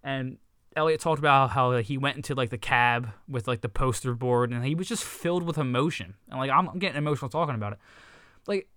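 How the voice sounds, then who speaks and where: Bright, crisp-voiced excitable man. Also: mid-range voice, fairly quick, dry recording. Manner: excitable, swears, many restarts. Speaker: podcast co-host. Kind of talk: casual sports podcast chat.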